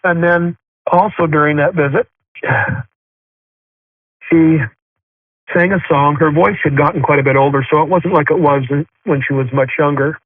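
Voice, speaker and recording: An earnest middle-aged man recounts his story in a fairly high voice, pausing often and restarting his sentences. The sound is thin and tinny like a phone call, with no room sound around him. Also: fairly even intonation, no room sound. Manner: halting, with frequent fillers and restarts; earnest and heartfelt. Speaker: guest sharing a spiritual experience. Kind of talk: personal storytelling. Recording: tinny dry phone line.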